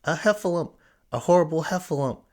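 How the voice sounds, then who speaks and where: A man's voice: lively intonation, brisk, a little mellow, lightly acted. A man doing a squealing, panicky little piglet. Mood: panicked. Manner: panicky, high squealing cries. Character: small timid young male piglet.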